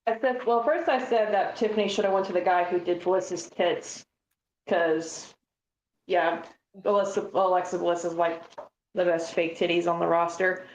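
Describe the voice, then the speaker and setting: A blunt, foul-mouthed woman co-host who tells stories with easy sarcasm. Her voice sits at an ordinary pitch, and it rings with a roomy echo. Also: fairly even intonation, moderate pace, darkish tone, slight background noise. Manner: blunt, swears freely, storytelling. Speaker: podcast co-host. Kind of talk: casual chat.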